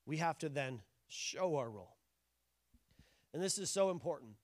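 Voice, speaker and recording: A pastor in his thirties with a high, light voice delivers a sermon in a chatty, joking way, full of asides. The sound is close and dry, with little room around it. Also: normal speed, no echo. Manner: conversational, joking, animated preaching.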